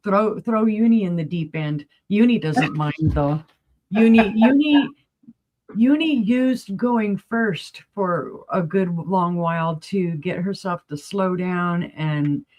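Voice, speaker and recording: A woman selling vintage items on a live stream, chatty and excited as she describes each piece. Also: fairly low pitch, takes it slowly. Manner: excited, chatty, rattles off item details. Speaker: vintage seller. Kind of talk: live-stream sales pitch.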